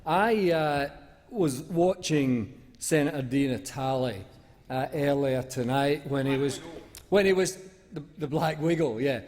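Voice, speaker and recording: A man's voice: on the high side, unhurried, a little mellow. A man speaking as a senator in a parliamentary debate, rambling and mocking, with lots of fillers and restarts. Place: large debating chamber. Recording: echoey chamber reverb.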